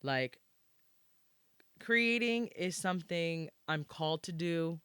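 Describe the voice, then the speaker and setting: Woman podcast host, casual chat, animated storytelling, dry close sound. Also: fairly low pitch, slow, clean tone, no echo. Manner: animated storytelling, swearing, drops into quiet asides.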